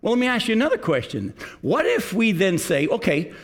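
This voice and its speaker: A man's voice: high-pitched, big pitch swings, fairly quick. A middle-aged man preaching in a slightly raised voice. He speaks earnestly and directly, often turning to ask his listeners questions as a pastor delivering a sermon.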